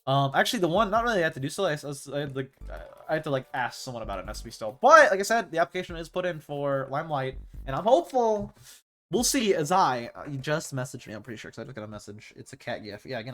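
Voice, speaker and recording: A man's voice: mid-range voice, animated, quick pace, a bit bright. A young man chatting casually with his viewers while playing, rambling and slangy. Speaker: streamer. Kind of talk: casual gaming stream chat.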